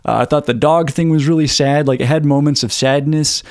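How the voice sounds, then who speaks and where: A man's voice: a little high, fairly even intonation, a little fast, darkish tone, dry recording. A man co-hosting a podcast, talking casually about a film, laid-back and swearing freely, on a close mic. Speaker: podcast co-host.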